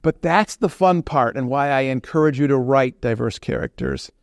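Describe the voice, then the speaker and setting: Guy author just chatting about writing, kinda raspy-gravelly, mid-pitch, dry close mic. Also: moderate pace, no room sound. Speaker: fiction author. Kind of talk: informal talk on writing craft.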